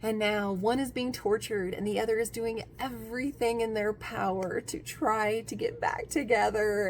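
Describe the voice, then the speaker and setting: A woman talking casually about books in her vlog, gushing and excitable, breaking into squeals and laughter. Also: a little high, moderate pace, hardly any pauses, a little hiss or hum. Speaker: book vlogger. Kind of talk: casual book review vlog.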